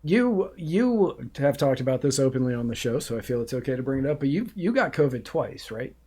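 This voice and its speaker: A man's voice: mid-range voice, big pitch swings, fairly quick, dark tone, slightly rough. A man co-hosting a podcast, chatting casually about the news and laughing often. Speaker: podcast co-host. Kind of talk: casual political banter.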